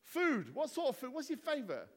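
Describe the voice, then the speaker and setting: In a church hall full of echoing reverb, a male vicar playfully quizzes his congregation with jokes and teasing. His voice is very high, swings hugely in pitch, and moves fairly quickly as he fires bouncy questions at the crowd.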